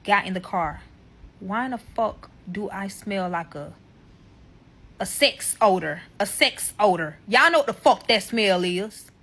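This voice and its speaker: A woman's voice: mid-range voice, animated, measured pace, a bit bright, husky. A woman telling a personal story to viewers in a casual, heated and profane way, talking straight to them. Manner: addresses viewers directly.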